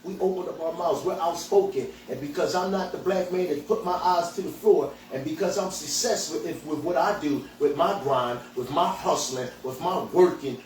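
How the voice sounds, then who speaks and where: A man's voice: a little high, a little mellow, slight background noise. A man hosting a podcast, ranting bluntly and profanely. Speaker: podcast host and hemp dispensary owner. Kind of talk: angry outspoken rant. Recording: echoey room, voice from far off, faint ambience.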